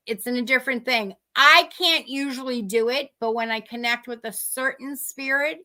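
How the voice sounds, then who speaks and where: A woman's voice: high-pitched, normal speed, pushed and bright. A woman with a Boston accent, a psychic medium talking on a video call in a rambling, chatty way that keeps breaking off mid-sentence. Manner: rambling, chatty, self-interrupting. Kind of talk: live-streamed chat and readings. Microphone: video call microphone.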